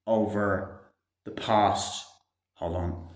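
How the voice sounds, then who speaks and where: A man with a fairly low, slightly mellow voice reviews a movie extremely slowly, pausing often yet sounding very animated. He rambles, swears heavily, and uses plenty of "like" and "um," all in an echoey room.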